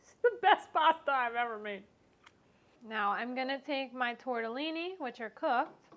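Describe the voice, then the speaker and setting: Bubbly high-voiced woman cooking vlogger. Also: normal speed, fairly bright tone. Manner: bubbly, chatty, gushing. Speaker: home cook host. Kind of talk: casual cooking vlog. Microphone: clip-on mic.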